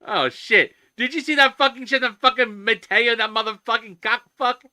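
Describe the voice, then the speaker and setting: A man's voice: very high voice, moderate pace, sharp tone, smooth, dry recording, clean studio sound. A man streaming himself coding, ranting in casual chatter with constant swearing. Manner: profane, ranting, heavy swearing.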